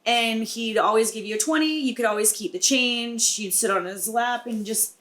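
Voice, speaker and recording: Chatty young woman, slightly high voice. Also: moderate pace, fairly bright tone. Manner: chatty, reminiscing, many fillers like um. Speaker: podcast co-host, dancer. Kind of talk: casual chat.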